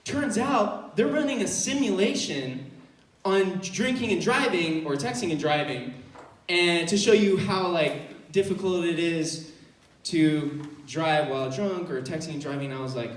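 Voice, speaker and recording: A man's voice: a little high, measured pace. A young man performing stand-up comedy, telling a story and acting out the other people's voices. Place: college comedy venue with audience. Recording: roomy distant live recording, noisy. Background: audience laughter.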